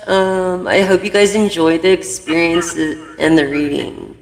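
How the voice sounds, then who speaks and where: A woman's voice: on the low side, steady tone, a little slow, hardly any pauses, big-room sound, rough recording. A woman doing a casual tarot reading for her viewers, giving blunt, profane, rambling advice. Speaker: intuitive tarot reader.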